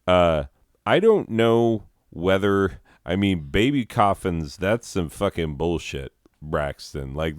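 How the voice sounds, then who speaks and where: A man with a very low voice and an unhurried delivery rambles through a profane, mock-ranting comedy monologue. The sound is close and dry, with no room around it. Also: dry recording. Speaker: podcast host.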